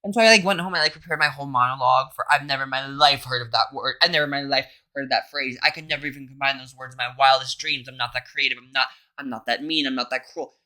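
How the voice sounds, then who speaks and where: A man's voice: mid-range voice, quick pace, hardly any pauses, bright, forceful tone. A young man co-hosting a podcast, chatting casually and acting out quotes with dramatic indignation. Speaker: podcast co-host. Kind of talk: casual chat.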